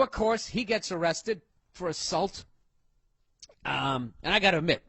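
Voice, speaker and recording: A man telling a profane story on stage as a stand-up comedian, loud and swearing, acting out the characters he talks about. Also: high-pitched, breathy edge, no room sound.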